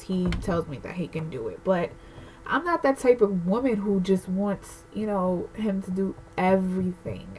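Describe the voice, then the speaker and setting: A woman's voice: medium pitch, a little hiss or hum, low-quality recording. A pregnant young woman vlogging a candid, emotional rant to camera, rambling with lots of fillers. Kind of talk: casual personal rant to camera.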